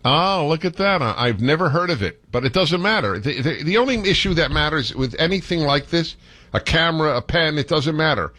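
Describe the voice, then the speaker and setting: A middle-aged man hosting a call-in radio talk show, animated and given to playful lecturing. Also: on the high side, brisk.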